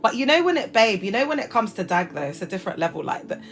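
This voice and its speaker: A British woman hosting a casual livestream chat, talking in lively slang and laughing often. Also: medium pitch, fast, faint music behind. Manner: chatty and animated, laughs often, heavy slang. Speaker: livestream host.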